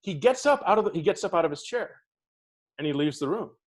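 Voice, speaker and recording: Speaking a little fast in a highish voice, a middle-aged man being interviewed swaps casual theatre anecdotes. He's a podcast co-host and performs the people he quotes with lively impressions.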